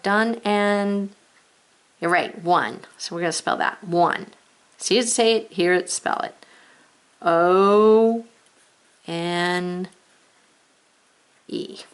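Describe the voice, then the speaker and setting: Slow, patient woman teaching spelling. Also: fairly low pitch, gravelly, fairly bright tone. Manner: slow, patient, reads along with pupils. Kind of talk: spelling lesson for young children.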